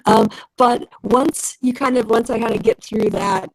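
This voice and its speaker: A woman's voice: fairly high pitch, a little slow, vocal fry, no echo, poor audio. A woman chatting as a guest on a video call, talking effusively and repeating herself as she gushes about friends. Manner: warm, effusive, repetitive, animated. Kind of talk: casual chat.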